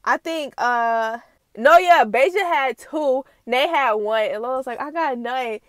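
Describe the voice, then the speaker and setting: Chatty high-voiced young woman recapping. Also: a little slow, a bit bright, no room sound. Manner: chatty, slangy, laughs often. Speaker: reaction channel host. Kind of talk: casual reaction recap.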